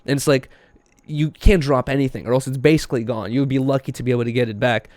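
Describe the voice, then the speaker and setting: A man's voice: mid-range voice, steady tone, fast, a little mellow, dry recording. A young man hosting a podcast, telling a story in a laid-back, slangy way with lots of fillers. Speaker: podcast host. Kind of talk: casual chat.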